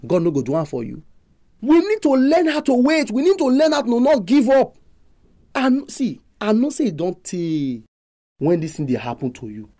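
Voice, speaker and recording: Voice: medium pitch, darkish tone. Nigerian preacher, exhorting sermon, voice rising and falling a lot. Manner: emphatic, repetitive, exhorting.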